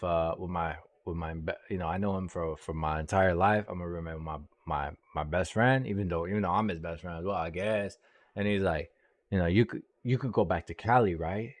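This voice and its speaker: A man's voice: on the low side, dry recording. A young man from California telling a personal story in a heated, profane, casual rant, repeating himself and tossing in "bro.".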